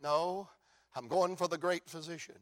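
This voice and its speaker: A man voicing a desperate biblical father who answers in a low, hushed, solemn voice. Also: lively intonation, a little slow. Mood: resolute.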